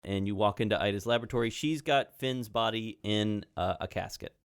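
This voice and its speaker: A man runs a tabletop game, narrating in an easygoing, conversational way. His voice is low and recorded close and dry. Small fillers slip into his descriptions. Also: brisk, smooth, no room sound. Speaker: game master.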